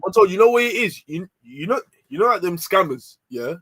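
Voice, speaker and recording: A man's voice: high voice, sing-song, a little fast, a bit bright, husky, no room sound. A man co-hosting a football chat show, mocking a friend with little skits. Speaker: football podcast co-host. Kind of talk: comic casual banter.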